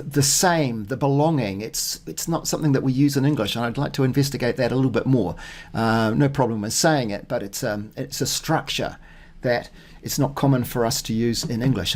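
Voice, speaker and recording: A man working through his Spanish practice notes out loud, thinking aloud with many fillers and restarts, and reading phrases slowly and deliberately. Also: medium pitch. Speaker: Spanish learner. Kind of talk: casual self-recorded practice talk.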